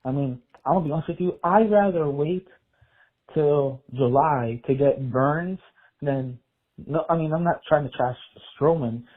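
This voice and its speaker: Husky male caller from New Jersey. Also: on the high side, measured pace. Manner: rambling, thinking aloud. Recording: tinny phone line.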